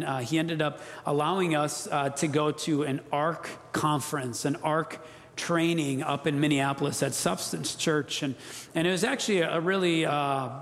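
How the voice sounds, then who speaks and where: A pastor preaches in earnest, pressing his points and having the room repeat key phrases. His voice sits fairly high for a man. The sound rings out with the long reverb of a church hall. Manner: earnest, emphatic, leads congregation call-and-response. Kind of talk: sermon. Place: church sanctuary.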